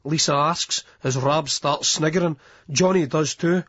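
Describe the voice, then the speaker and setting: Male audiobook narrator, husky, muffled lo-fi recording. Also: fairly high pitch, fairly even intonation, moderate pace. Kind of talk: scripted narration. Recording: dull lo-fi audiobook.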